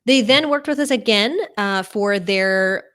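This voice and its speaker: A woman's voice: medium pitch, unhurried, fairly bright tone. A woman giving a keynote talk at a conference, presenting with light fillers. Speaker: keynote speaker.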